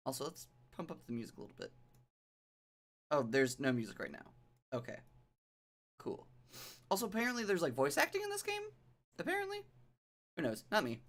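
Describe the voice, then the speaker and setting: A game streamer chatting live in an animated, self-deprecating way, sometimes reading game text aloud in a vague pirate accent. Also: mid-range voice, a little fast, pauses often.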